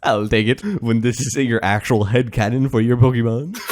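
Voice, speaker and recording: Man, podcast co-host, casual chat, playful, laughs a lot, middle pitch. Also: steady tone, moderate pace, darkish tone. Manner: playful, laughs often, jokey put-on voices.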